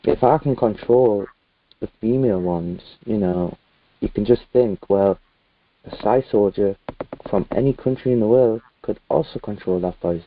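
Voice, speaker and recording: A man's voice: on the low side, normal speed. A British man from the UK, a guest talking in a casual video-call chat, earnest and rambling with many fillers. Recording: tinny phone-like dry call audio.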